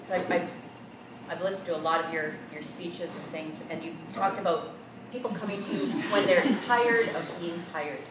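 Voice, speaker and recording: A woman's voice: fairly low pitch, normal speed. Hesitant woman questioner in an echoey hall. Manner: hesitant, searching for words. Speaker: audience member asking a question. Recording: echoey hall, distant mic, noise.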